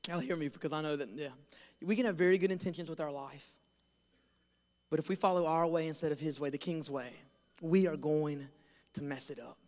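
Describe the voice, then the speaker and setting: A young man preaching as a pastor, telling a funny story and acting out voices with lively, self-deprecating energy. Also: a little high, brisk, big-room sound. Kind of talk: storytelling sermon. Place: large church hall.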